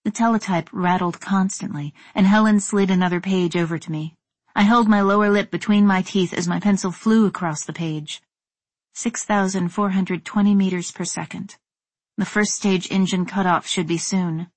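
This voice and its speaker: A woman reading a first-person story in a measured, tense narrating voice. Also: mid-range voice, fairly even intonation, dry recording. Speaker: audiobook narrator.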